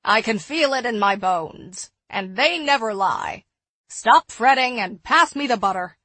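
A woman reader puts on a devout older matron for an audiobook, speaking slowly and loudly with a husky, unhurried voice. She sounds firm and sure of herself, the recording dry and close. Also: fairly high pitch, animated, dry recording, exaggerated voice. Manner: solemn prayerful delivery, loud and slow. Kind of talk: audiobook character reading.

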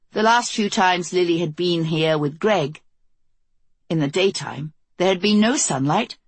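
A woman narrating a novel as an audiobook in a steady, measured storytelling voice, recorded close to the mic. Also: on the low side, husky, no echo. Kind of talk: scripted narration.

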